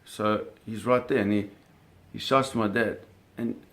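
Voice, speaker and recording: A man's voice: fairly low pitch, fairly even intonation, normal speed, fairly bright tone. A man telling a vivid personal story in a casual way, cursing freely and acting out the sounds and scenes. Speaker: storyteller recounting a personal experience.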